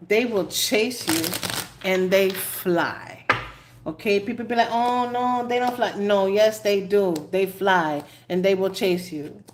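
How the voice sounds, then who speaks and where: Animated New woman telling stories. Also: medium pitch, slow, slight background noise. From New York. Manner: animated storyteller, laughs often, dramatic asides. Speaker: tarot reader. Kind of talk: casual live-stream chat.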